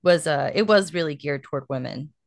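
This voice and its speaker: Low-voiced chatty young woman. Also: a little fast, gravelly, dry recording, studio quality. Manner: chatty, laughs easily, lots of fillers. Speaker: podcast co-host. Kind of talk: casual chat.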